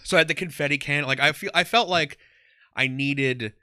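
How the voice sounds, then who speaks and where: Guy in his 30s chatting loose on a podcast, bright crisp voice, dry close mic, lots of ums. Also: fairly high pitch, normal speed, no echo. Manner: rambling, heavy on "um" and "like". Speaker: guest, comedian and former ring announcer. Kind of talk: casual interview chat.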